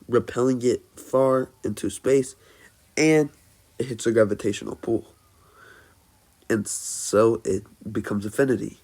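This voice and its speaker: Halting man narrating a fan story. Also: medium pitch, dark tone. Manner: halting, many fillers and restarts. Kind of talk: improvised fan-fiction narration.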